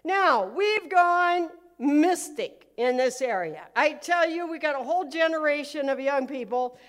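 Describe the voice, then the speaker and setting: Woman pastor with a high voice, preaching with humorous stories and loud acted-out prayers. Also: animated, unhurried. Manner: storytelling with humor, acting out prayers loudly. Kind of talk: live sermon.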